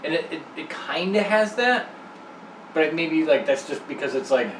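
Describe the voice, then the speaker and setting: A man's voice: fairly high pitch, animated, normal speed. A man co-hosting a casual beer review, making wry asides and hesitating with many fillers. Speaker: co-host. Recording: echoey room, far from the mic, faint hiss.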